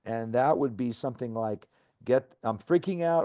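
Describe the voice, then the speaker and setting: A man's voice: mid-range voice, normal speed. A middle-aged man reading aloud from his memoir in an earnest storytelling manner, then talking about recovery with a co-host. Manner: earnest storytelling, acting out shouted quotes.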